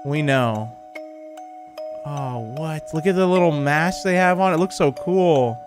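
Man, let's play commentary, excitable, exclamation-heavy, a bit high-pitched. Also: slow, music in the background. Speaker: gaming video host.

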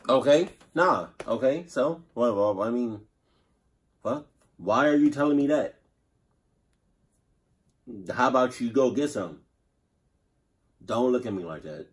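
A man hosting a reaction video, talking in animated, profane, slangy banter. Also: mid-range voice, takes it slowly, long pauses, breathy edge. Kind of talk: casual reaction commentary.

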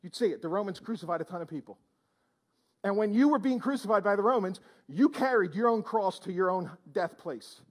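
A male pastor with a strikingly high voice preaches to his congregation in church, his pitch swooping up and down as he exclaims and fires questions at the room. He's expressive and speaks a little fast.

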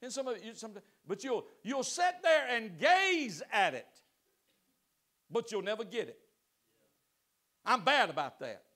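High-voiced impassioned preacher man. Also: big pitch swings, unhurried, long pauses. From United States. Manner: impassioned, swings between loud exhortation and soft pleading; asks the congregation direct questions. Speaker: pastor. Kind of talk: sermon. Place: church sanctuary.

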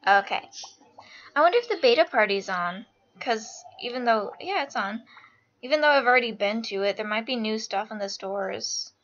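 A young woman host giving casual, excitable gameplay commentary, gushing and giggly. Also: fairly high pitch, moderate pace, pauses often. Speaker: gaming channel host. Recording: lo-fi screen-capture audio over game music.

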